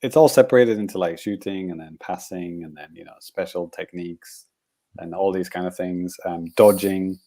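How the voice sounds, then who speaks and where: Low-voiced mellow man rambling casually. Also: steady tone, normal speed. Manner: rambling, chuckling, many fillers. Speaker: podcast co-host. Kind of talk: casual chat.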